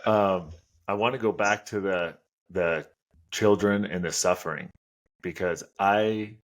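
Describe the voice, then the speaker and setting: A man's voice: deep voice, a little slow. A man in his thirties hosting a casual podcast chat, blunt and opinionated, swearing casually. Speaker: podcast host.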